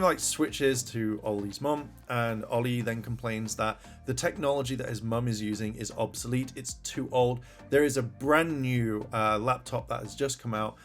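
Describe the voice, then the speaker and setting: A man's voice: mid-range voice, normal speed, faint music behind. A man casually reviewing a TV episode, rambling through the plot and swearing when he gets annoyed.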